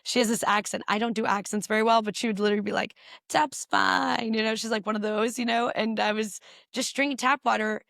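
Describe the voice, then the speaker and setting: A woman physician answering interview questions and explaining health tips briskly, repeating points for emphasis. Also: medium pitch, level tone, vocal fry, a bit bright, no echo, studio quality. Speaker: physician guest.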